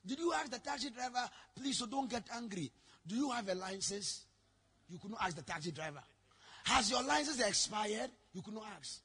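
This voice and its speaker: A man preaching a sermon, telling stories with sudden shouted lines. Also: sits high, lively intonation, fairly quick, husky. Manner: dramatic storytelling, bursts into shouting. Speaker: pastor.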